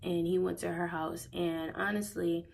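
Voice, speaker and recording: A woman's voice: lowish voice, level tone, normal speed, gravelly, low-quality recording. A young woman telling a personal storytime in a casual, slangy way, emotional and close to tears, often repeating herself. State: near tears. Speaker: vlogger.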